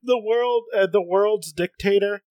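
A man's voice: sits high, unhurried, darkish tone, no room sound. A man co-hosting a casual comics podcast. He reads passages aloud, laughs a lot and often restarts his sentences. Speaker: podcast co-host.

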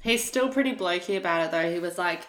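A woman with a lowish but bright, sharp-edged voice joins a film chat as a guest and drops playful, joking comparisons. The room gives her voice an echoey ring. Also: quick pace. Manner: playful, comic asides. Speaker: podcast guest. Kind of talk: casual film discussion.

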